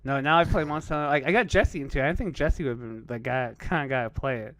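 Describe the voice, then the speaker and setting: A man's voice: medium pitch, fast, no room sound. A man co-hosting a podcast, telling a story in casual chat, swearing and laughing often. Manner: animated, profane, laughs often.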